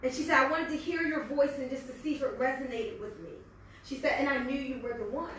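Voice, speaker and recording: Bright high-voiced American woman in a hall. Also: steady tone, slight background noise. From United States. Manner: fast-talking, earnest and faith-filled. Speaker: network marketing leader and speaker. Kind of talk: motivational speech. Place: large echoey meeting hall. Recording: echoey hall from far off.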